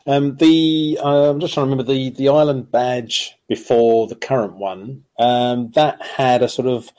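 Measured podcast co-host man. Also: medium pitch, fairly even intonation, darkish tone. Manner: thoughtful, measured, with light humour. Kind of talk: casual podcast chat.

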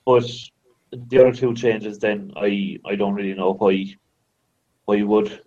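A man who is a guest on a casual podcast, relaxed and a little hesitant, agreeing easily. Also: fairly low pitch, unhurried, highs cut off.

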